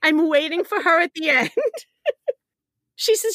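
A middle-aged woman telling a personal story to a podcast host, animated, self-deprecating and often laughing as she talks. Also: very high-pitched, measured pace, pauses often, dry recording, studio quality. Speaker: podcast guest. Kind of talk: conversational storytelling.

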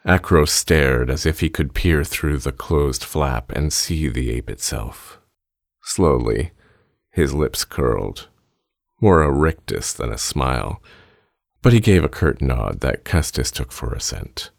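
A man narrating a fiction story in a measured, steady reading. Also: rumbling low, creaky, no room sound, studio quality.

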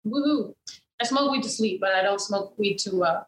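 A woman's voice: medium pitch, moderate pace, reverberant, a little hiss or hum, low-quality recording. A woman co-hosting a casual chat, talking candidly with lots of swearing and fillers. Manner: candid, profane, rambling with many fillers.

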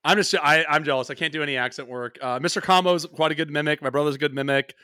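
A man hosts a casual podcast, rambling along and poking fun at himself. His voice is bright and forceful, and it is recorded close and dry with no room sound. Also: fairly high pitch, fairly even intonation, smooth, no room sound. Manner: rambling, self-deprecating, quick to laugh. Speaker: podcast host. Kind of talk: casual chat.

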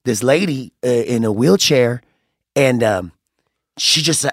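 A man on a podcast as a guest, telling stories in a rambling, animated way with lots of restarts. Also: medium pitch, measured pace, heavy background noise. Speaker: guest, singer. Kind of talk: casual podcast chat.

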